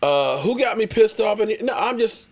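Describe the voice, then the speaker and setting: A man's voice: sits high, normal speed, vocal fry. A man hosting a live-streamed sports talk show, ranting and arguing his takes while reading viewer chats. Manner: animated, argumentative, reads super chats.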